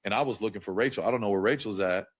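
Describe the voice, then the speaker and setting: A low-voiced man recounts events as an interview guest, rambling with constant fillers and casual swearing. His voice is very deep and sounds dry and close to the mic. He speaks in a loose, conversational way. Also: racing, husky, no room sound. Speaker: interview guest, pro football player.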